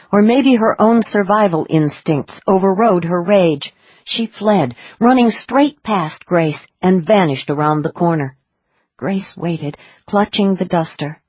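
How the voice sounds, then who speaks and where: A woman reading audiobook narration in a measured, expressive way. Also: fairly low pitch, breathy edge, dry recording, lo-fi sound.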